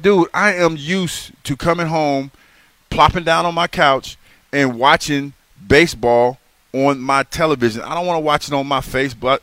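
A man co-hosting a live sports radio show, telling stories in an animated way and often repeating and restarting phrases. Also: fairly high pitch, dry recording. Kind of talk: casual sports radio banter. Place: live remote broadcast at a racetrack. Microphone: broadcast microphone.

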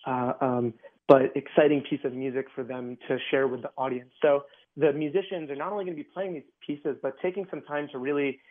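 A man's voice: mid-range voice, steady tone, fairly quick. Chatty man on a tinny line. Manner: chatty, many fillers and restarts. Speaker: orchestra guest. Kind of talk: casual radio interview.

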